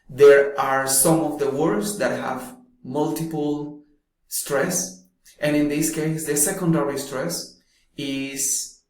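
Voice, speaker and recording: Very slow man teaching, echoey room. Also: medium pitch, a little mellow. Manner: slow, deliberate, drawn-out speech with long pauses. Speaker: English teacher. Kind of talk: slow explanatory lesson.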